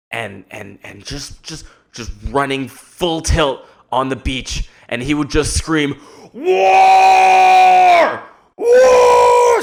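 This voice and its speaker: A man's voice: mid-range voice, a bit bright. Rambling, jokey male podcast host. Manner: rambling and jokey, lots of restarts. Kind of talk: casual solo podcast chat.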